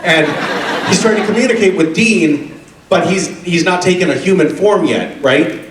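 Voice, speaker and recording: A man's voice: moderate pace, background noise. Man telling stories on a convention stage. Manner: animated, laughing, drops into a deep gravelly put-on voice for quotes. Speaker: convention panel guest. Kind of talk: casual storytelling on stage. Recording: echoey hall, distant mic.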